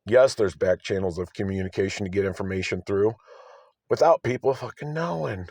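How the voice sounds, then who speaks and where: A man's voice: on the low side, a little fast, darkish tone, dry recording, clean studio sound. A man vlogging to camera, agitated and insistent, often asking "all right?". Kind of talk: rambling self-filmed monologue. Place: outdoors by his car.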